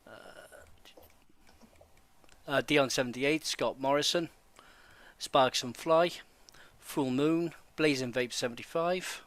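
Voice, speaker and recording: A man's voice: mid-range voice, takes it slowly, long pauses. A man co-hosting a stream, steadily reading out a list of viewer names. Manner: steady listing, brief laughs.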